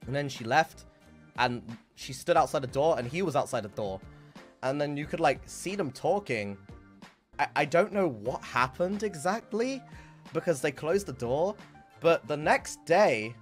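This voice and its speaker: A man's voice: on the high side, normal speed, soft background music. A young man streamer telling a school story in casual, rambling chat, full of fillers. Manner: rambling, filler-heavy, animated retelling.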